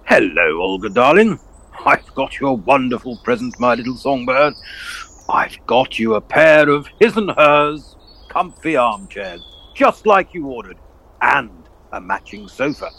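A man's voice: medium pitch, a little slow, gravelly, full character voice. A man doing a pompous old colonel. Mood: blustering. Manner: blustering, posh, excitable.

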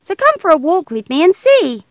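A woman voicing a cheeky young girl in a children's audio story, bright, playful and sing-song. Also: very high-pitched, very animated, moderate pace, no echo, heavily acted. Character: cheeky young girl who teases machines.

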